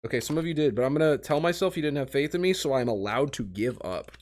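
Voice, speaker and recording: A man's voice: medium pitch, animated, quick pace. A young man from Missouri chatting casually with his livestream audience, self-mocking and talking straight to chat.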